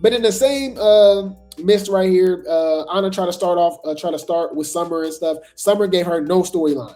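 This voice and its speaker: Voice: mid-range voice, moderate pace, few pauses, warm tone, soft background music. A host giving casual commentary, rambling with lots of fillers, repeated words and chatty asides to viewers.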